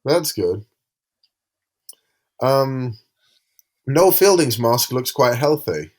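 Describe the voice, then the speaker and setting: A man's voice: mid-range voice, very animated, extremely slow. A man co-hosting a podcast in casual chat, rambling and hesitant as he describes things. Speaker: podcast co-host.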